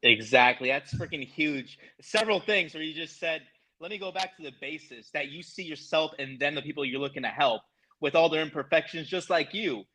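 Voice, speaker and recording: Emphatic high-voiced male host, motivational, profane, casual chat. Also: brisk, sharp tone, low-quality recording. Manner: emphatic, motivational, profane, calls listener bro.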